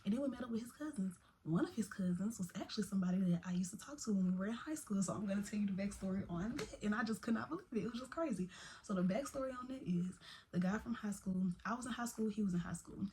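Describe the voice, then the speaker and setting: Young woman, casual storytime vlogger, lively slangy delivery, slight background hiss. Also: mid-range voice, fast. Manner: chatty, animated, Southern-tinged slang like "baby" and "y'all".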